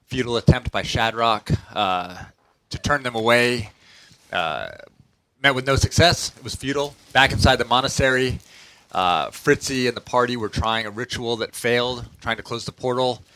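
A man in a tabletop game sums up the last session in a loose, casual way. He often pauses on "uh" as he gathers his thoughts, speaking at an ordinary pitch. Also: bright, forceful tone, rough recording. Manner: rambling, with frequent "uh" fillers. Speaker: player.

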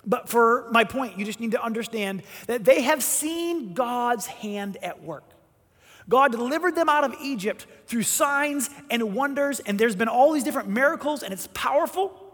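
A man preaching a sermon, telling a story with animated, emphatic delivery and voiced quotes. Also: extremely high pitch, normal speed, husky. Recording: long hall reverb.

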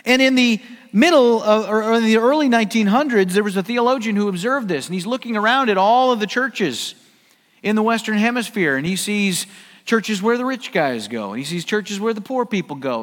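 High-voiced American pastor preaching. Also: male voice, big-room sound. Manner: conversational, joking, emphatic. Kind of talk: sermon. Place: church sanctuary.

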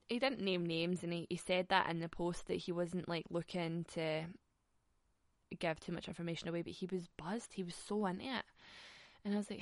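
A woman's voice: fairly low pitch, a bit bright, dry recording. A young Scottish woman hosting a podcast on her own, talking frankly and swearing freely, with frequent laughs. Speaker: podcast host. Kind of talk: casual solo podcast chat.

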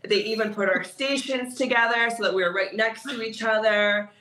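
A woman, a guest who teaches cookie decorating, telling stories casually in an interview, animated and laughing often. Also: on the high side, normal speed, slight background noise. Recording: roomy echo.

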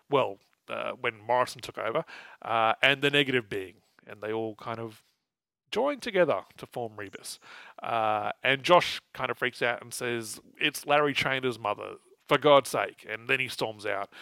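A man's voice: medium pitch, vocal fry, fairly bright tone, no echo, low-quality recording. Male podcast host, casual and wry, laughs a lot, dry close sound. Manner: chatty, laughs often, wry asides. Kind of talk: casual chat recapping comics.

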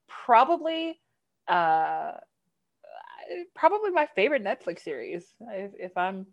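A woman with a somewhat low voice co-hosts a casual podcast. She sounds eager and easygoing, quick to share what she enjoyed. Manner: enthusiastic, laughs easily. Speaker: podcast co-host.

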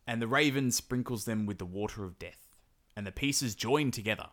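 A man's voice: fairly low pitch, normal speed. A man casually retelling a folk tale on a podcast, acting out the characters' lines. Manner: animated storytelling, acts out characters' lines. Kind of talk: casual chat.

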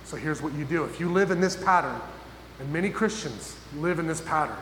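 A man preaching a sermon as pastor, emphatic and full of pauses, often asking his listeners questions. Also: on the high side, lively intonation, fairly bright tone. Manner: emphatic, pausing, asks the audience questions. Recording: echoey hall with faint noise.

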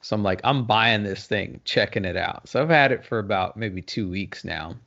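A man telling a story in casual chat, laughing often and shouting out his own quoted reactions. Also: fairly low pitch, normal speed, creaky, dull audio. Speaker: podcast co-host.

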